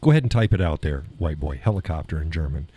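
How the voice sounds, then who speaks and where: A man's voice: extremely low pitch, expressive, quick pace, dark tone, slightly rough. A middle-aged man hosting a live stream, chatting casually with viewers and laughing often at their comments, with a lingering cough. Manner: laughs a lot, self-deprecating banter. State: lingering cough, clears throat.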